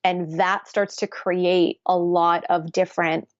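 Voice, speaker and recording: A woman's voice: lowish voice, little pitch movement, slow, dry recording, highs cut off. A woman nutritionist and coach, speaking as a podcast guest and explaining earnestly, often tagging "right?" onto what she says. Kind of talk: podcast interview conversation.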